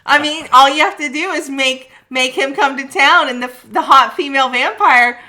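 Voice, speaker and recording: A young woman with a high, bright voice co-hosting a casual film chat. She is dryly sarcastic and lays out her theories at length. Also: normal speed. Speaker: co-host. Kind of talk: casual movie review chat.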